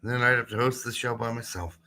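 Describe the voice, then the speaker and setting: A man's voice: medium pitch, fairly even intonation, brisk, bright, forceful tone. A man co-hosting a casual soccer podcast, talking in a dry, sarcastic and profane way. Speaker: podcast co-host.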